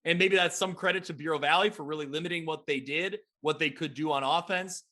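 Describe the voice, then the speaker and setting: Guy hosting a sports talk podcast, high bright voice, upbeat game recaps. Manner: energetic, quick recaps of high school football. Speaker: podcast host.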